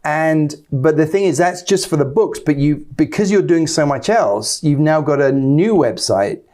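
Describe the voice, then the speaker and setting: Eager male host with a mellow voice. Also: a little high, expressive, moderate pace. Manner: eager, constant short affirmations. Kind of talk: casual interview.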